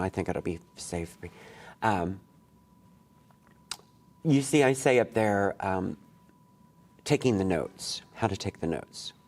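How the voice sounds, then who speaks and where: A male poet leads a workshop for college students in a classroom. His talk is casual and digressive, full of asides and restarts. He is blunt and curses easily. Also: lowish voice. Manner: candid and blunt, swears freely, rambling asides. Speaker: poetry workshop leader.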